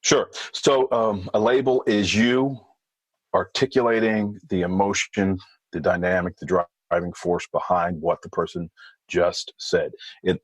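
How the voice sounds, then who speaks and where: Low-voiced man explaining calmly. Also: breathy edge, no echo, rough recording. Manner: measured, explanatory, with thinking fillers. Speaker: guest, former hostage negotiator. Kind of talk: podcast interview.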